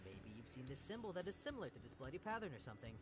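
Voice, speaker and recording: A man voicing a boastful, goofy young male detective with a cocky, excitable manner. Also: mid-range voice, racing, music in the background, voice pushed up, close to an everyday voice.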